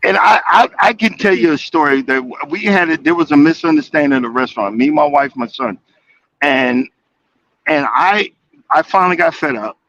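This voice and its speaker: Man, high voice, calling from a truck cab, stammers and restarts, laughs easily, dry close sound. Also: animated, normal speed, a bit bright, no echo, lo-fi sound. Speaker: caller. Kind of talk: casual chat.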